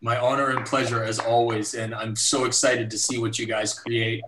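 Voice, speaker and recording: A man telling a personal story as guest speaker in a live online talk, lively and acting out others. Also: mid-range voice, normal speed, reverberant, distant mic, noisy background. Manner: animated storyteller, voices others in his anecdotes.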